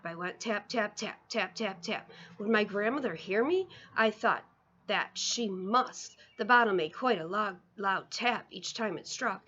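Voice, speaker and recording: A woman reading a children's book aloud, expressive, with small slips and restarts. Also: medium pitch, measured pace, muffled recording. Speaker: reader. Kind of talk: storybook read-aloud.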